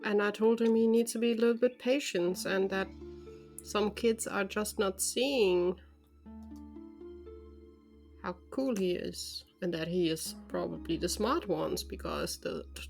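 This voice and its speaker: A woman plays her character in a tabletop role-play, speaking in a gentle, patient and reassuring way. Her pitch sits in the middle range, and faint music plays underneath. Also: a little slow, gravelly. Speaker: player.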